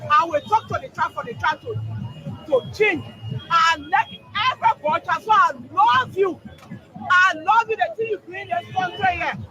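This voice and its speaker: A woman's voice: very high voice, normal speed. A woman with a Liberian English accent interviewed on the street, speaking in an earnest, motherly, pleading way. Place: outdoors on a busy street. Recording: outdoor crowd and traffic noise.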